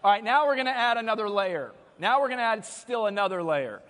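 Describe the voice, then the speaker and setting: An energetic man delivers a motivational keynote on stage, his voice pitched notably high for a man. Long reverb from a big conference hall trails every phrase. He jokes with the crowd and coaches them through quick exercises. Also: a little hiss or hum. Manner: energetic, humorous, leads the audience through exercises. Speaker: keynote speaker.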